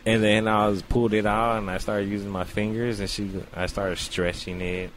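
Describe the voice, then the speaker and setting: His voice is lowish and his pace moderate, with a little hiss or hum on the recording. This podcast host acts out voices as he tells a long comic story, animated and profane, in casual slang.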